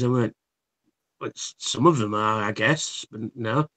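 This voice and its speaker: A man's voice: medium pitch, moderate pace, a bit bright. Rambling, swearing man telling stories. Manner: rambling storyteller, swears freely, many restarts. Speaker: livestream host. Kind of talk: casual chat.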